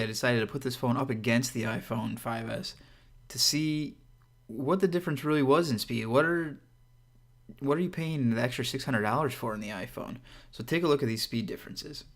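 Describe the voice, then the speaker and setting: Upbeat man reviewing a phone. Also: medium pitch. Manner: conversational, upbeat and direct, with frequent asides to viewers. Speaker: tech reviewer and channel host. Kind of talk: casual product review.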